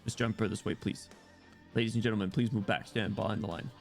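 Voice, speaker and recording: Brief: stern male bodyguard holding back a crowd, low and clipped, read by a male streamer. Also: fairly even intonation, quick pace, gravelly, faint music behind.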